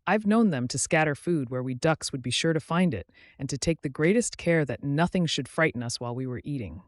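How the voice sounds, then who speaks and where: A nervous, distrustful duck lady who frets and insists, put on by a man reading a storybook. She talks raised and a bit high, never settling. The sound is close and dry. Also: lively intonation, fairly quick, no echo, natural voice. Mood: fretful. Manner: fretful, tearful and insistent. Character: anxious, distrustful female duck far from home.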